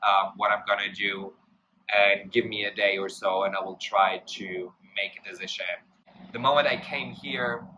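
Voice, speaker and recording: A man's voice: fairly low pitch, bright, forceful tone, a little hiss or hum, low-quality recording. A young man from Germany talking casually and emotionally to his vlog viewers from a rented apartment, rambling with many fillers and restarts. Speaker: travel vlogger.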